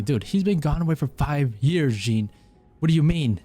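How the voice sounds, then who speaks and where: A man's voice: on the high side, lively intonation, normal speed, warm tone. Joking, profane male game streamer. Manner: joking, profane, self-mocking. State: tired strained throat. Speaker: gaming streamer. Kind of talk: casual gameplay commentary.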